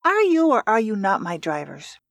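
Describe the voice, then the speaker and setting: A woman reading aloud and voicing a sharp-tongued female tour guide with a dry, sarcastic delivery. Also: medium pitch, wildly swooping pitch, moderate pace, no room sound.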